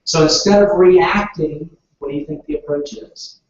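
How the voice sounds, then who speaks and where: A man's voice: on the high side, normal speed. A man training real estate agents in negotiation, asking the room questions and waiting for answers. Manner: asks the room questions, then waits. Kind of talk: training session talk. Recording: echoey room, distant dull mic.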